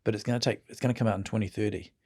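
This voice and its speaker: A man's voice: lowish voice, fairly even intonation, rapid-fire, dark tone. A middle-aged man with a New Zealand accent, a guest telling rambling, self-mocking stories in casual chat. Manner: rambling, self-mocking storyteller who laughs often.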